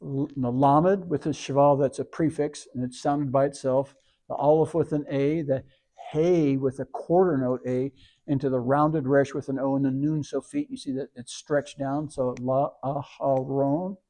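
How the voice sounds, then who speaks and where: A man whose voice is mid-range and dark in tone speaks steadily at a moderate pace. As the service leader and teacher, he reads scripture and works patiently through Hebrew words, sounding them out one letter at a time.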